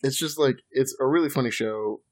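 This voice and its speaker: A man's voice: medium pitch, brisk. A man chatting casually as a podcast co-host, rambling and swearing, with lots of fillers. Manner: rambling, profane, loose storytelling with lots of fillers. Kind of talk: casual chat.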